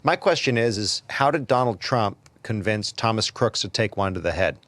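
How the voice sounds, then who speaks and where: A man's voice: lowish voice, lively intonation, moderate pace, a bit bright, no echo. Guy hosting a podcast, opinionated, trips over his words a lot, dry close mic. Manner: opinionated, stammers into repeated words. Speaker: podcast host. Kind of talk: casual opinion commentary.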